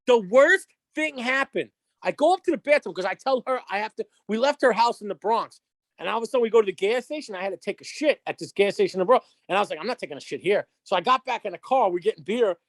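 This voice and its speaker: A woman's voice: a little high, fast talker, no room sound. A woman, a podcast guest telling a story with lots of swearing, acting out every line of dialogue. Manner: animated, acts out quotes, heavy swearing.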